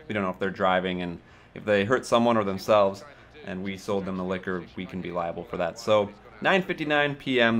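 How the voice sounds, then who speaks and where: A man's voice: lowish voice, a bit bright. A man casually telling a story from his time as a liquor store clerk, sarcastic and profane.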